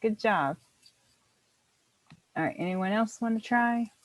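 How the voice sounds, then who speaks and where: A woman's voice: mid-range voice, slow, dry recording, poor audio. A woman teaching a beginner language class, explaining patiently step by step and encouraging her students.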